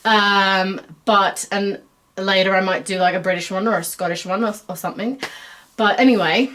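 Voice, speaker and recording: A woman's voice: mid-range voice, steady tone, normal speed, fairly bright tone. A middle-aged American woman hosting her own web series in a put-on Australian accent, rambling chattily through a stream-of-consciousness monologue full of fillers and self-deprecating asides. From United States.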